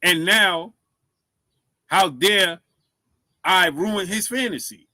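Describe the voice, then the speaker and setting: Bright-voiced man hosting a casual live stream. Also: sits high, slow, no room sound. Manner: shouts out viewers, asks for likes; stumbles over words, repeats himself.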